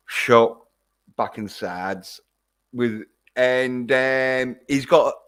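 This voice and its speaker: A man giving a casual, rambling film review on a livestream, swearing constantly as he talks. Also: mid-range voice. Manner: rambling and heavily profane.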